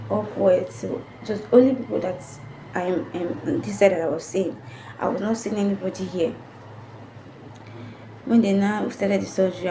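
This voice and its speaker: A young woman tells her own story to camera in an emotional, earnest way, circling back over the same phrases. Her voice is warm and mellow rather than bright. A faint hum sits under her voice. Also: medium pitch, gravelly, poor audio. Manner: emotional, earnest, repetitive retelling. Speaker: family vlogger. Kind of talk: personal story told to camera.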